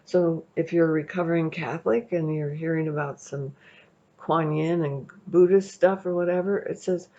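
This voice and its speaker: Chatty tarot reader, woman, gravelly low-fi sound, loose rambling delivery. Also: steady tone, normal speed, mellow. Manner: chatty, rambling, checks in with "okay?". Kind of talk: casual tarot reading to camera. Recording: dull lo-fi recording.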